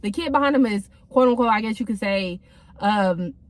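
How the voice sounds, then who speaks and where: A woman's voice: mid-range voice, moderate pace. A young woman telling a casual storytime from her car, in a chatty, slangy way with many fillers. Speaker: vlogger.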